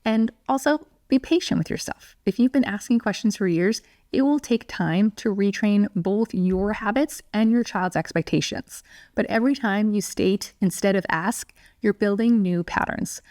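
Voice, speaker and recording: A woman parenting educator talks through a scripted lesson. Her delivery is calm, clear and steady, at a middle pitch. The sound is dry and close. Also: moderate pace, no echo. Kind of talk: scripted teaching monologue.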